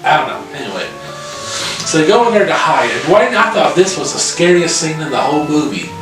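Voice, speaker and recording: A man's voice: on the high side, brisk. Swearing man recapping in an echoey room. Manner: profane, animated retelling with frequent fillers. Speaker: podcast co-host reviewing a horror film. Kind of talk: casual plot recap. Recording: very echoey room, far from mic, music behind.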